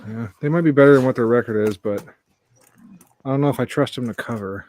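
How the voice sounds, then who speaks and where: Hosting a casual sports betting podcast, a woman with a bass voice and darkish tone briskly reads out odds, listener picks, and listener chat in an easygoing manner.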